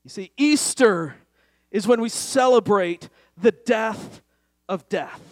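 A man preaching a sermon to a church congregation, telling a story and then building to loud call-and-response exhortation. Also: sits high, slow pace, no echo, studio quality. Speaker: pastor.

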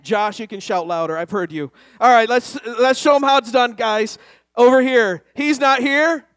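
High-voiced man preaching with rising fervor. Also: normal speed, dry recording, studio quality. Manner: storytelling, building to loud call-and-response exhortation. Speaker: pastor. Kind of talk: sermon. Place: church before a congregation.

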